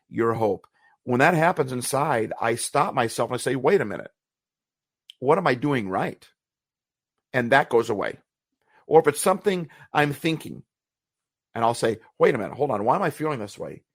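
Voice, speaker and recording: On a motivational podcast, a male co-host speaks earnestly and reflectively in a mid-range voice, often repeating phrases as he searches for the right words. The recording is clean studio sound with no echo.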